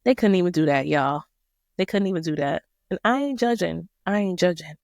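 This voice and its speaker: A woman's voice: fairly low pitch, expressive, fairly quick, gravelly, a little mellow, no echo, studio quality. A woman hosting a podcast, walking listeners through a Bible passage in a casual, slangy, emphatic way. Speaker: podcast host. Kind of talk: casual Bible study talk.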